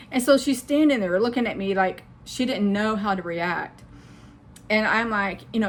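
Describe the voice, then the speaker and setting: A woman's voice: fairly high pitch, measured pace, a little hiss or hum. A middle-aged woman vlogging as a medium, telling a personal story in a rambling, earnest way and repeating phrases for emphasis. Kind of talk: casual personal storytelling to camera.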